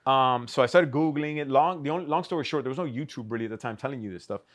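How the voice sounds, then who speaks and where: Fast-talking man telling a story. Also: mid-range voice. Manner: animated, swears, acts out quoted dialogue. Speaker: podcast guest, custom shoe artist. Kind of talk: casual storytelling.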